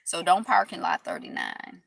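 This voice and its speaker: A woman hosts a casual live stream, her voice bright and forceful. She chats in a loose, rambling, upbeat way, heaping affirmations on her viewers. The sound is dry and close, with no room around it. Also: lowish voice, huge pitch swings, normal speed, gravelly, dry recording. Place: Detroit.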